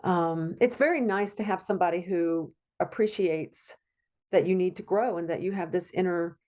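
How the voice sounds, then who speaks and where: A woman's voice: on the low side, normal speed, dark tone. Heartfelt middle-aged woman guest. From Virginia, USA. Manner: heartfelt, rambling with restarts. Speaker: guest, psychiatric nurse practitioner. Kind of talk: conversational interview.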